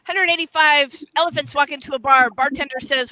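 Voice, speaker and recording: A woman's voice: high-pitched, fairly even intonation, brisk, hardly any pauses, pushed and bright, slight background noise, rough recording. A woman improv performer delivering short jokes dryly over a video call. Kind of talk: improv joke telling.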